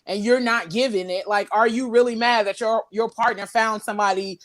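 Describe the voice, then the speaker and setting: A woman's voice: on the high side, steady tone, brisk, no echo. A woman hosting a podcast in casual livestream chat, slangy and candid, laughing often as she reads comments. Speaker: podcast host.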